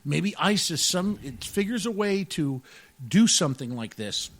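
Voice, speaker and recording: A man co-hosting a casual radio talk show, excitable and jokey, laughing often and peppering his talk with "dude" and "man". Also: high-pitched, a little slow, no echo. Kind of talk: casual podcast banter.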